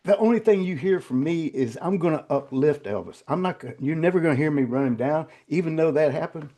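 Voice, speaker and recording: An older man, a guest telling personal stories in an interview, halting and repeating words, turning quiet and choked when emotional. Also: fairly high pitch, lively intonation.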